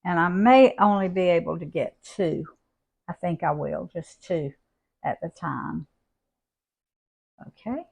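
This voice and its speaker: An older woman, showing a home cooking recipe in a folksy, unhurried way from her kitchen. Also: on the low side, creaky, darkish tone, husky. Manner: folksy, unhurried, homey talk. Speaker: cooking channel host.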